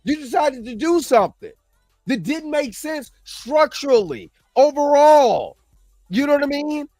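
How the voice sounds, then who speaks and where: High-voiced man ranting about movies. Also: big pitch swings, measured pace, warm tone, no room sound. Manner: emphatic, repetitive, full of fillers and restarts. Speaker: show host. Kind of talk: opinionated commentary vlog.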